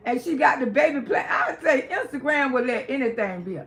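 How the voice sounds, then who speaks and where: High-voiced woman ranting loudly. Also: lively intonation, fairly quick. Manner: loud, emphatic, profane ranting. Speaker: livestream host. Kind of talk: live-stream gossip commentary.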